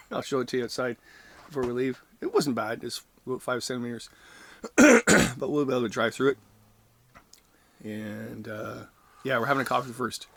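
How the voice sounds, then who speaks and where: A man's voice: medium pitch, expressive, normal speed, long pauses, a bit bright. A middle-aged man chatting casually and joking while he cooks at camp. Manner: easygoing, jokey, chatty while cooking. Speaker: camping vlog host. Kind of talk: casual cooking vlog chat. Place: heated winter tent outdoors. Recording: noisy outdoor camp audio.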